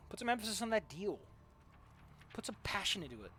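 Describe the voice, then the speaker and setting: A man's voice: high-pitched, sing-song, quick pace, a bit bright, a little hiss or hum. A young man streaming a game and talking casually, ranting sarcastically and swearing freely as he plays. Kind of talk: casual gaming stream chat.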